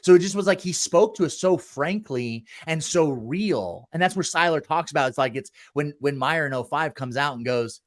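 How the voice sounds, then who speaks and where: With a fairly high voice at normal speed and few pauses, a thirtysomething man hosts a casual podcast. A former college football walk-on, he is blunt and profane, and he acts out voices from earlier in his life.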